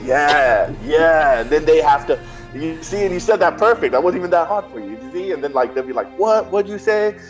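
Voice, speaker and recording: A man's voice: on the high side, expressive, fairly quick, faint music behind, close to an everyday voice. A man doing a laid-back slangy team captain. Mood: encouraging. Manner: casual, coaching, slangy. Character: confident young male team captain, pep-talking.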